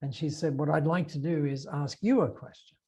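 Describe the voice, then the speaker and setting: A man's voice: a little high, fairly even intonation, fairly quick, a little mellow, breathy edge. A man with an Australian accent, a podcast guest recounting an anecdote, with many fillers and acted-out dialogue. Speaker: interview guest. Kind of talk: storytelling in a podcast interview.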